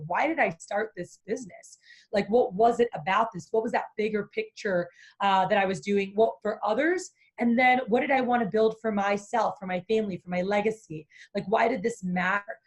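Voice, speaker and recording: A woman's voice: mid-range voice, fairly quick. A woman business coach being interviewed, talking energetically and acting out the inner voices of fear. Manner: animated, acts out inner voices.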